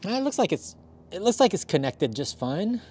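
A man's voice: sits high, sing-song, normal speed, a little mellow, a little hiss or hum. A man hosting a casual livestream, upbeat and chatty, thanking viewers by name, a little out of breath. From Southern California. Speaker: livestream host. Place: outdoors in cold weather.

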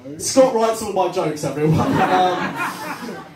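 A young man doing a stand-up comedy set, rambling and self-deprecating with lots of fillers. His voice rides a little high and moves around a lot at an unhurried pace. He is heard from a distance in a roomy live venue. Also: animated, a loud crowd, heavy background noise. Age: young adult. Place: cafe-bar comedy night.

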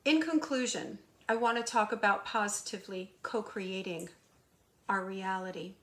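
Her pitch is medium and her intonation fairly even as this woman, a hypnotherapist and intuitive channeler, gives a monologue of spiritual guidance at a moderate pace. Emphatic in manner, she preaches with rhetorical questions and moves between soft asides and louder emphasis.

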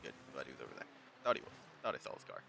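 A man giving casual commentary on his own gameplay. He thinks aloud in a chatty way and jumps into excited high yelps. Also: racing, gravelly, noisy background. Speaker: YouTuber.

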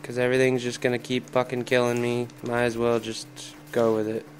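A man comments angrily on his own video game play, swearing heavily and ranting in frustration. His mid-range voice is completely flat and fairly quick, with faint music in the background.

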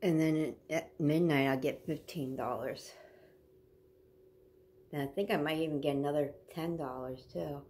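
A woman in her forties chatting casually on a home vlog, rambling between everyday news and soft baby talk to her dog. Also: low voice, a little slow. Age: 40s. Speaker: vlogger.

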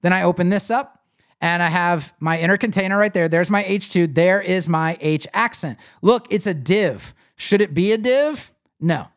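A man with a smooth voice that sits high talks at a normal speed. In his live web design screen-share tutorial, he clicks through a site builder, explaining things casually and animatedly while chatting with viewers.

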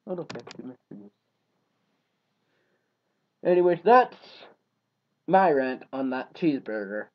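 A man rambling casually to his viewers in a vlog, trailing off into low mumbles and then bursting into loud rants. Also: lively intonation, fairly quick. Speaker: vlogger. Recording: dull lo-fi home recording.

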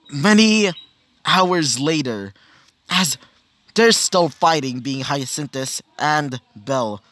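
A man's voice: mid-range voice, fairly bright tone, no room sound. A man narrating improvised fan fiction in a rambling, casual way, with many fillers and self-corrections. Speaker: storyteller.

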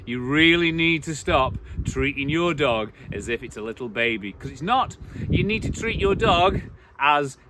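A man's voice: lively intonation, moderate pace, noisy background. A man giving blunt, opinionated dog-training advice to camera, outdoors. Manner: blunt, opinionated, mocks baby talk in a high voice.

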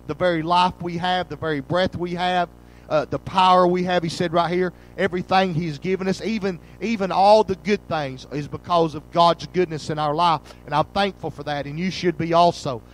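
A male pastor preaching a sermon fervently, reading old-style scripture and swelling loud on key lines before dropping low. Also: steady tone, normal speed, rough recording. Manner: reads scripture in old King James wording.

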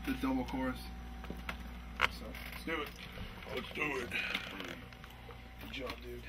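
A man, a band's vocalist, in casual profane studio banter, joking and breaking into shouts. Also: mid-range voice, fairly even intonation, a little slow. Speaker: band vocalist. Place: recording studio. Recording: loud music and noise in studio.

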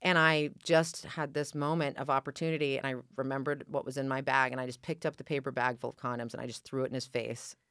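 Fast-talking animated woman telling a story. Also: extremely low pitch, smooth, no echo, studio quality. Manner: animated, acts out quoted dialogue. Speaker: guest, actress. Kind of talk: casual interview storytelling.

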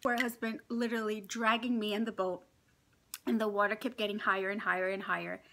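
Woman, middle-aged, casual storytelling vlogger, animated, crisp bright tone. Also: mid-range voice, brisk. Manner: animated, laughing often, acts out dialogue. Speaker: mukbang vlogger.

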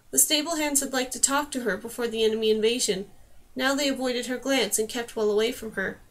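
High-voiced woman reading a fantasy novel. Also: a bit bright. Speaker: audiobook narrator. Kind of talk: scripted narration.

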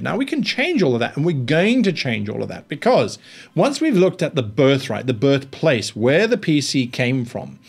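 Animated man teaching tabletop game mastering. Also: mid-range voice. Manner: animated, rambling, thinks aloud with many restarts. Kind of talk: tabletop roleplaying tutorial.

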